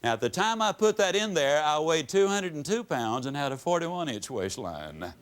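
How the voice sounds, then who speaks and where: A man's voice: big pitch swings, moderate pace. Folksy man giving a motivational speech. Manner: folksy storytelling with sweeping rises and drops in pitch. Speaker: motivational speaker. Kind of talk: motivational speech to a live audience. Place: stage before an audience.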